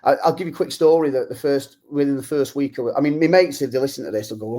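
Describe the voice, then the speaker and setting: Man, 40s, podcast guest, halting rambling storyteller. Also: mid-range voice, dark tone. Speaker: guest, former youth player and musician. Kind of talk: casual chat.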